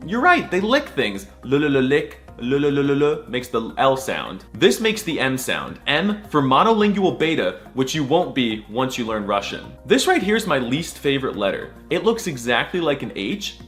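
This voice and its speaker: Animated young man, comic narration. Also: medium pitch, moderate pace, hardly any pauses, faint music behind. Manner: mock-serious, crude jokes, silly letter sounds. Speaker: comedic video narrator. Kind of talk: comedic scripted narration.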